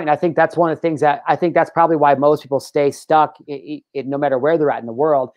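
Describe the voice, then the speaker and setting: An American man hosting a podcast interview, talking in an animated, emphatic way. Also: on the high side, no room sound. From United States. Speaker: podcast host. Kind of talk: casual interview chat.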